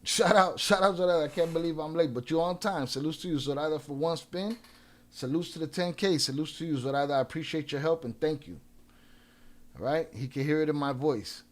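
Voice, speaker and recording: Profane, combative male stream host. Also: a little high. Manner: profane and combative, trash-talking trolls; quick shout-outs with filler "uh" and restarts. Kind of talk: casual live-stream chat.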